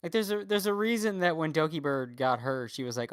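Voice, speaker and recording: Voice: medium pitch, expressive, brisk, clean tone, dry recording. A podcast co-host in casual chat, rambling and swearing, often laughing.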